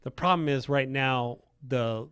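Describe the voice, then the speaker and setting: Chatty game designer, dry close sound. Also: male voice, mid-range voice, measured pace, a bit bright, smooth, no room sound. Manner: rambling, enthusiastic, many restarts and fillers. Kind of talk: casual livestream chat.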